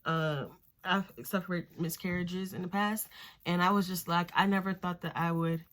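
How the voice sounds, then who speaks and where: A young woman with a fairly low voice tells a personal story while doing her makeup at home. She talks in a chatty way, with lots of fillers, and acts out the voices of people she quotes. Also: steady tone, normal speed, a bit bright. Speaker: beauty vlogger.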